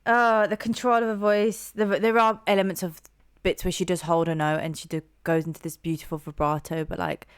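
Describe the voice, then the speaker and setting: A woman's voice: lowish voice, level tone, a little fast, clean tone, dry recording, clean studio sound. A young woman hosting a music reaction, gushing and rambling with lots of fillers and restarts. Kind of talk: casual reaction commentary.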